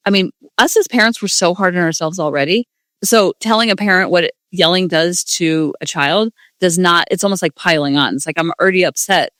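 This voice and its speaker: A woman's voice: on the low side, a bit bright, dry recording. A woman hosting a parenting podcast, talking casually and earnestly, with self-deprecating asides. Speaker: podcast host, parenting coach. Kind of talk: casual solo podcast talk.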